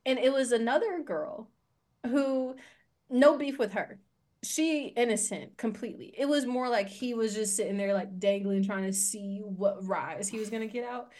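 A young adult woman co-hosting a casual podcast chat, telling a personal story in an animated way, with many fillers and frequent laughs. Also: fairly high pitch, normal speed. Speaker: podcast co-host.

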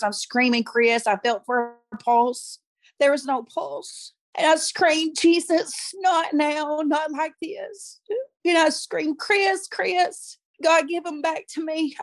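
A woman's voice: on the high side, no echo, clean studio sound. A woman guest in an interview, telling a personal story candidly and acting out what people said. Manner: candid, animated retelling that acts out quoted speech.

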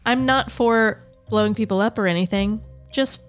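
A woman's voice: mid-range voice, moderate pace, faint music behind. Playful woman co-host. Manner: playful, teasing reactions. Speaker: podcast co-host listening. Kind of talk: casual chat.

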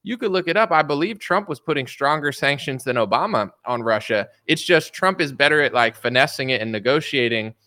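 A man's voice: mid-range voice, expressive, fairly quick, hardly any pauses, pushed and bright, dry recording, studio quality. A man commenting in an opinionated, rambling vlog style, often adding filler words and mocking the voices of media and politicians. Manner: rambling, opinionated, frequent "like" and "you know".

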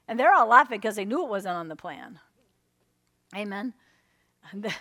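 A woman's voice: medium pitch, a bit bright, dry recording, clean studio sound. A woman preaching a sermon, telling stories and acting out her own inner voices, checking in with "amen?" as she goes.

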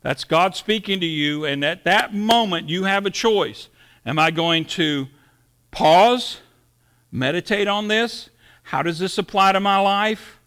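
A man's voice: high-pitched, a little slow, fairly bright tone, smooth. A middle-aged man preaching a sermon, folksy and storytelling, acting out quotes as he goes. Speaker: pastor.

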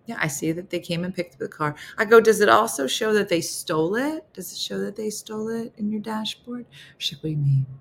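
A woman's voice: mid-range voice, fairly quick, gravelly, a little hiss or hum. A woman hosting a morning show, telling a story in casual chat and acting out both sides of phone calls with big jumps in her voice.

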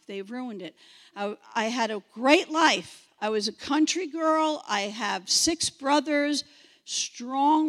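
A woman in her sixties preaching a sermon, animated, imitating beeping sounds and repeating phrases for emphasis. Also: high-pitched, big-room sound. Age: 60s.

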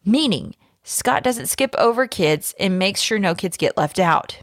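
A woman podcast host reading a fan theory aloud, with lively storytelling emphasis. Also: medium pitch, a little slow, no echo, clean studio sound.

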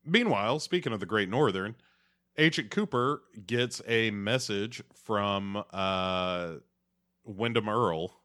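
A man with a low, unhurried voice talks through a recap in a relaxed, laid-back way. His tone is bright and forward, and the recording is close and dry. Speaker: podcast co-host. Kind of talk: casual chat.

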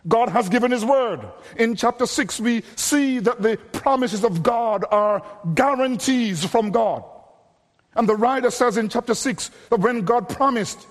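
A man's voice: very high voice, measured pace, big-room sound. A man preaching a sermon, emphatic and explanatory, often repeating words as he presses a point.

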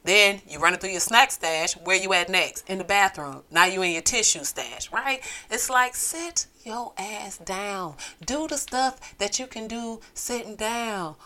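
A woman's voice: medium pitch, normal speed, few pauses, pushed and bright. A woman hosting a solo podcast, ranting in a blunt, profane, sassy way. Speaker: podcast host.

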